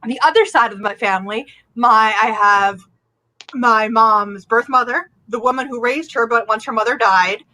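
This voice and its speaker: Bright-voiced woman in blunt banter. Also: a little high, normal speed, poor audio. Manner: blunt, chatty, reacts with laughs and quips. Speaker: podcast co-host. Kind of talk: casual banter.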